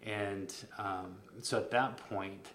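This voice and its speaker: A man's voice: on the low side, fairly even intonation, slow, a bit bright, echoey room, slight background noise. A middle-aged man candidly telling a personal story as a podcast guest, earnest and openly emotional, with frequent ums.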